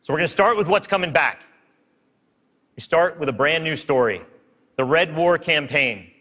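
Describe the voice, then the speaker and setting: Upbeat on a keynote stage, a game studio presenter hypes a live crowd in a large hall. He speaks at a moderate pace in a high-leaning, animated voice with a bright, forceful tone. Long reverb from the hall fills the live recording.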